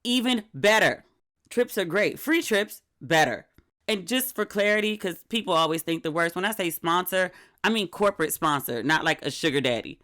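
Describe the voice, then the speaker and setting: A middle-aged woman hosting her own podcast in casual solo chat, candid and chatty, acting out her friends' lines in lively voices. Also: on the low side, moderate pace. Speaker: podcast host.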